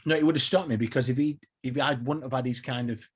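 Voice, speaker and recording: A man, a podcast guest, telling lively anecdotes in casual chat, swearing freely and slipping into other people's voices. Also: medium pitch, fast, slightly rough. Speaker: interview guest, tribute performer. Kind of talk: casual storytelling.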